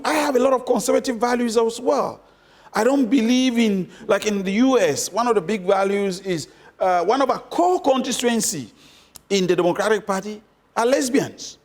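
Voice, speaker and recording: Emphatic high-voiced male interview guest. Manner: emphatic, repeats points for stress. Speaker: interview guest, former candidate. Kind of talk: interview answers.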